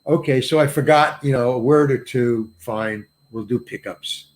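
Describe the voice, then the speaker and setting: A man's voice: mid-range voice, normal speed. An older male actor telling a self-mocking anecdote in an interview, acting out the people he quotes. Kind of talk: storytelling in an interview.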